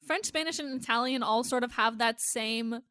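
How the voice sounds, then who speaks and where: A woman's voice: fairly high pitch, moderate pace, smooth. A woman co-hosting a podcast, joking bluntly and swearing freely in casual chat. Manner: blunt, profane, animated banter. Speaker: podcast co-host.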